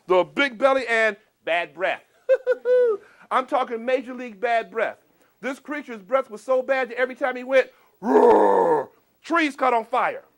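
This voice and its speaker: A middle-aged male storyteller with a high voice and a wildly lively delivery. He swings from booming shouts to hushed asides as he tells a folk tale to a live audience, asking the listeners questions along the way.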